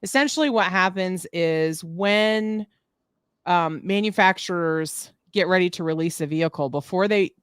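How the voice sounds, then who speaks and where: A woman's voice: lowish voice, normal speed, clean tone, no room sound, clean studio sound. A woman co-hosting a podcast in casual chat, reading out listener questions and laughing often. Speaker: podcast co-host.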